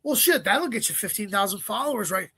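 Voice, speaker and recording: A man with a high, bright voice talks as a comedian guest in a casual interview, tossing off profane stories and asides. The sound is dry and close, with almost no room around him. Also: expressive, husky, dry recording. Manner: profane, rapid storytelling with joking asides.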